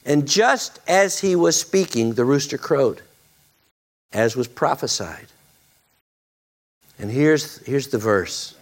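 A man's voice: mid-range voice, lively intonation, slow, pauses often. A male pastor preaching a sermon, dramatic and repeating phrases for emphasis.

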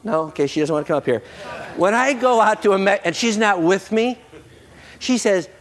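Animated, high-spirited male preacher. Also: moderate pace. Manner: animated, jokey preacher with playful put-on quotes. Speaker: pastor. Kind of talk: sermon. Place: church sanctuary with congregation.

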